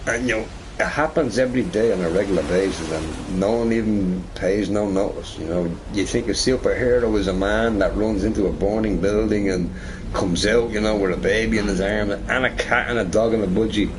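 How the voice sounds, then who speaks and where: Rambling low-voiced man chatting while gaming. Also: a little fast. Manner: rambling, repeats "right?" often, restarts and swears. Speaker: streamer. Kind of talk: casual chat while gaming. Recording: noisy recording with game sound behind.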